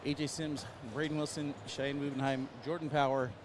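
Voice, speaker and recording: A man's voice: a little high, little pitch movement, moderate pace. An American man casually announcing matchups and bantering with his co-host at a cornhole tournament. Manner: joking, dry banter. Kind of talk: casual commentary, reading match lineups. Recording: noisy event venue.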